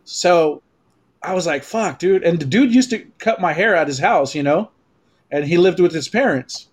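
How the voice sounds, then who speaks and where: A man with a notably high voice spins a rowdy anecdote on a podcast. He swears freely, slips into Spanish, and acts out the scene as he goes. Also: normal speed, husky. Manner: animated storyteller, profane, mixes Spanish. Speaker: photographer and podcast guest. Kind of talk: casual podcast storytelling.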